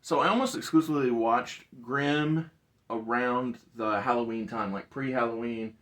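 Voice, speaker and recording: A man co-hosting a casual movie review chat, talkative and quick to laugh. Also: mid-range voice, a bit bright. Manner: laughs often, chatty. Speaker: podcast co-host.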